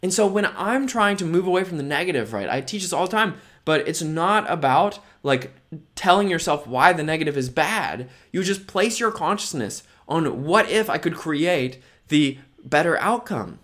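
A tired man hosts his own casual solo podcast, speaking with a somewhat high, slightly bright, expressive voice at a moderate pace. He rambles upbeat, sprinkling in plenty of "like" and "right?".

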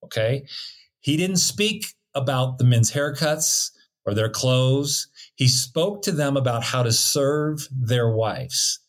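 A man's voice: medium pitch, takes it slowly. A middle-aged man co-hosting a casual talk on marriage, earnest and preachy with a joking streak. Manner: earnest, preachy, jokey, laughs often. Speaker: co-host teaching on marriage. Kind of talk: casual teaching chat.

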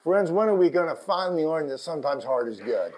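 A middle-aged man with a Texan accent preaching a sermon as pastor, swinging from quiet asides to impassioned shouted lines. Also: on the high side, big pitch swings, quick pace, low-quality recording. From Texas.

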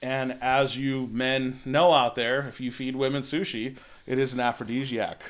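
A man's voice: mid-range voice, normal speed. A man telling crude, laughing stories in a casual chat. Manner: animated, laughing, crude storyteller.

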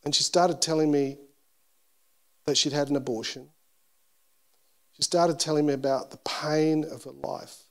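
A male pastor preaching a sermon at a church service, telling a personal story in an animated, self-deprecating way. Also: a little high, measured pace, creaky, pauses often.

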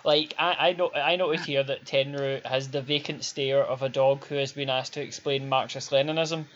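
Male co-host, deadpan quips, lo-fi muffled audio. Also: mid-range voice, a little hiss or hum. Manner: quick deadpan one-liners. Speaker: podcast co-host. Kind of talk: casual comedic chat.

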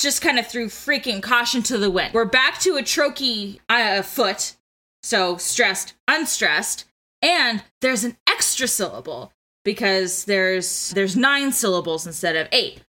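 Eager woman explaining poetry, bright tone. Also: mid-range voice, animated, unhurried. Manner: eager, explanatory, lots of filler "like". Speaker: podcast co-host. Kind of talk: casual chat with literary analysis.

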